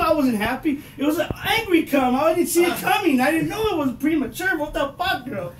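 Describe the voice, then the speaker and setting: Man, 50s, high-pitched, profane stand-up comic, roomy distant recording. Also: fairly quick. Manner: profane, loud, animated storytelling. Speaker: stand-up comedian. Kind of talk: stand-up comedy set. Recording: echoey room, mic heard from a distance, noisy.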